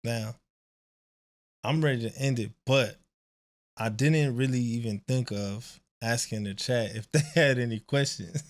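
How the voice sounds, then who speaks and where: A man's voice: mid-range voice, a little slow. Laid-back man hosting a streamed talk. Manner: laid-back, easygoing, chuckles between remarks. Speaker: streamer, show host. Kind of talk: casual conversation.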